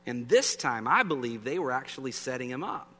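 A man's voice: mid-range voice, animated, brisk, sharp tone. A man preaching a sermon in a conversational way, often asking the audience questions. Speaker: pastor. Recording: long reverb, faint hum.

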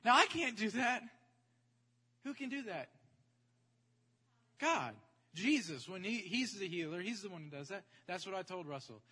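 A man preaching, telling a testimony story in an animated, chatty way and checking in with his audience. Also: sits high, normal speed, pauses often, husky. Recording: echoey hall.

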